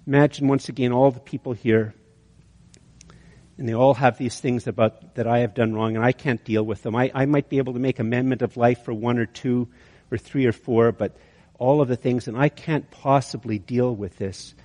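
A man's voice: mid-range voice, fairly even intonation, normal speed, dark tone. A man preaching a sermon, telling an illustration story with many restarts. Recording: long hall reverb.

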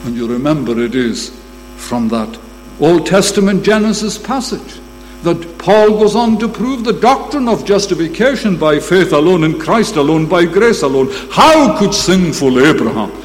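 A man preaching a sermon, emphatic, swelling to loud bursts when he quotes scripture. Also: a little high, very animated, moderate pace. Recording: long reverb, faint hum.

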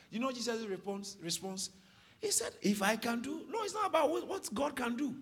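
A man preaching a sermon to a congregation, swinging from soft explanation to loud calls for the crowd to read aloud. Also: high voice, very animated, moderate pace, long pauses, slightly rough. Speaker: pastor. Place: church hall with congregation.

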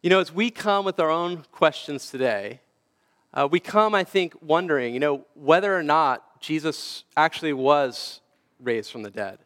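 A pastor delivering an Easter sermon, telling a long story with frequent restarts and filler words. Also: male voice, on the high side, lively intonation, normal speed, a bit bright. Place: church sanctuary. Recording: long church reverb.

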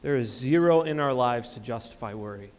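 A man's voice: mid-range voice, brisk, big-room sound. A man in his thirties preaching a sermon as pastor, earnest and emphatic, often restarting phrases. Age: 30s. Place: church sanctuary.

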